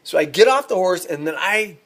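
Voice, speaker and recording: A man, a rodeo cowboy, telling a ranch story in a folksy, animated, self-amused way. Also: sits high, a little fast. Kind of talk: casual spoken storytelling.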